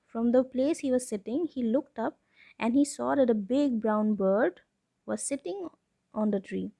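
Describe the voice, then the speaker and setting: A woman's voice: fairly high pitch, a little slow, gravelly, warm tone, dry recording. A woman teacher retelling a story for a class and explaining it, often repeating herself and asking rhetorical questions. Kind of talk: storytelling lesson for schoolchildren.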